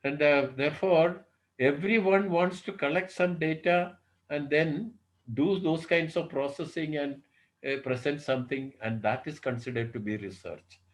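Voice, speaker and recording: Professor lecturing, full of fillers. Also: male voice, fairly high pitch, poor audio. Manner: unhurried, thinks aloud with many "uh, you know" fillers and rhetorical questions. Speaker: professor giving a workshop lecture. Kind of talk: online lecture. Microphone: video call.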